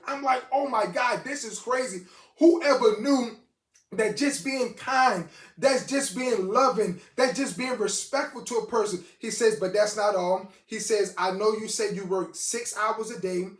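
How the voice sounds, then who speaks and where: A man's voice: high-pitched, roomy sound. A man preaching a sermon as host of his own show, telling a story with lots of quoted dialogue. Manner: animated storyteller quoting others in dialogue.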